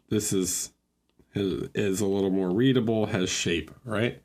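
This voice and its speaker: A man giving relaxed, think-aloud feedback on miniature painting during a livestream, chatting with viewers as he goes. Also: fairly low pitch, a little slow. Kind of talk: casual livestream critique.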